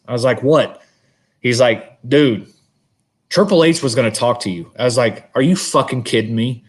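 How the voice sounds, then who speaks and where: Guy on a podcast rambling through a story, cusses a lot, animated, totally casual. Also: medium pitch, normal speed. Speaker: podcast co-host. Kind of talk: casual chat.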